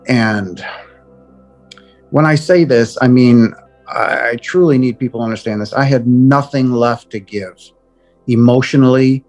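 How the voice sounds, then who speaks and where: Middle-aged man, heartfelt spoken testimony, stumbling restarts, mid-pitched, faint music under. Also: a little mellow. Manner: earnest, halting with repeated words. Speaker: guest telling a near-death experience. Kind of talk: personal testimony.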